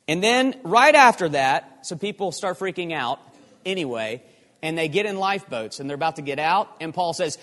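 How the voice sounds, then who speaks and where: Guy preaching a sermon, pretty high voice, gets animated, long echo like a church. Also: normal speed. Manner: animated, emphatic, with rhetorical questions. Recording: long hall reverb.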